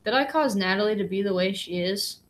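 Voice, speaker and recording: A woman's voice: mid-range voice, brisk, a little hiss or hum, lightly acted. A woman reading an earnest, hesitant young boy.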